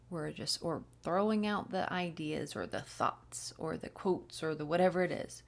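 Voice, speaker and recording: A woman giving a channeled spiritual reading, playful and giggly, often dropping into soft whispers. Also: lowish voice, unhurried. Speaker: spiritual reader.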